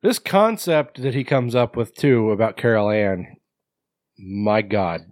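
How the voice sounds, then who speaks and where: A man's voice: on the low side, slow pace, a little mellow, no echo, studio quality. A man co-hosting a podcast, bluntly mocking a bad horror sequel with lots of swearing. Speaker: podcast co-host. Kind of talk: casual movie review chat.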